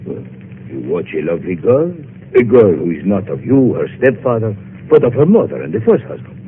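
An actor playing a self-pitying middle-aged dentist with a Spanish accent and melodramatic, broken phrasing, in 1950s radio drama acting. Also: male voice, fairly low pitch, sing-song, brisk. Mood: fretful. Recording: narrow-band old radio broadcast with faint hiss.

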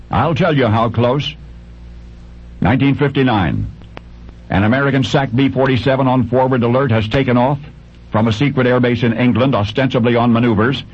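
A man telling a story in scripted radio narration, dramatic and deliberate, with long pauses and big swings up and down in pitch. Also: breathy edge. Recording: dull lo-fi radio recording.

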